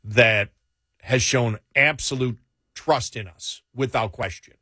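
A man's voice: medium pitch, takes it slowly, slightly rough, dry recording. A man who hosts a radio show and podcast, chatting casually and telling stories with frequent laughs. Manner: laughing, animated storytelling. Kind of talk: casual chat.

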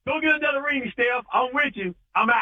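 A man's voice: extremely high pitch, lively intonation, brisk. A man calling into a sports radio show, making his case emphatically, heard over a muffled phone line. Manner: emphatic, preachy. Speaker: caller. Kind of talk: call-in opinion.

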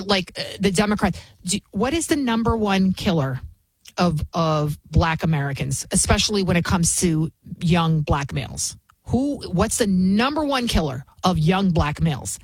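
Woman commentator, husky, dry close sound, emphatic and sarcastic, lots of rhetorical questions. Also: medium pitch, dry recording, poor audio. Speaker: political commentator. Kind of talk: opinionated commentary. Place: New York City.

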